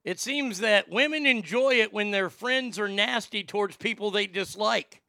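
A man's voice: sits high, normal speed, gravelly, bright, forceful tone, smooth, no room sound. A man hosting a comedic talk show, ranting in a profane, sarcastic way into a close studio mic. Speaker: host.

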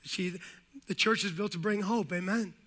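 A middle-aged man preaches to his congregation in a high, bright voice. He talks with lively energy, repeats phrases and drops in jokey asides and calls of amen. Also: moderate pace. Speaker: pastor. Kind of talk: sermon.

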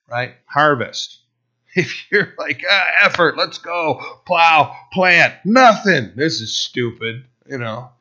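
A middle-aged man preaching in a casual, storytelling way, animated and acting out what people said, with many restarts. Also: mid-range voice. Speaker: pastor. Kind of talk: conversational sermon with personal story. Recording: dull, slightly lo-fi sound.

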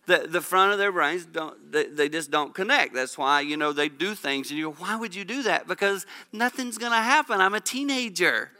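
Bright, lively middle-aged man telling stories. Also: high-pitched, normal speed, hardly any pauses. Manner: animated, laughing, jokey, spirited delivery. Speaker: speaker at a women's church gathering. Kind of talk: humorous storytelling talk to a live audience.

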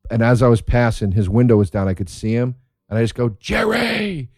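A man who is a comedian telling stories in a casual monologue, excitable and profane, laughing as he talks. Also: on the low side, fast talker, no echo, studio quality. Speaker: stand-up comedian.

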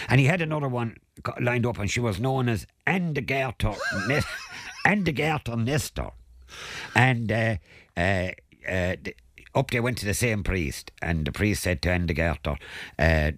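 A man in his sixties with a Tipperary Irish accent, spinning rambling yarns on a radio show. His voice sits fairly low, rises and falls a lot as he acts out the people in his stories, and sounds close and dry with no room around it. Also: animated, normal speed, a bit bright, dry recording. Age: 60s. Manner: storyteller who acts out quotes and chuckles at his own jokes. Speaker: regular studio contributor. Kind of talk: rambling anecdotal radio chat. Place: radio studio.

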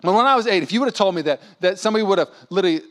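A man in his thirties preaching a sermon as pastor, animated and acting out quoted voices. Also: sits high, racing.

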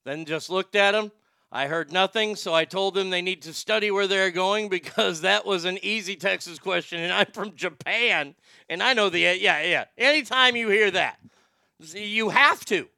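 Male host, high gravelly voice, loose cursing banter, clean dry mic. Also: normal speed, bright, forceful tone, no echo. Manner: loose, joking, profane banter. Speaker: show host. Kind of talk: casual rambling chat show.

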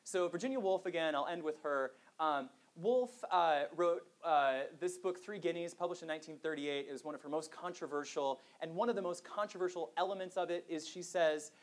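A man's voice: a little high, brisk, hardly any pauses. A man giving a conversational public lecture to a live audience, self-deprecating and full of fillers.

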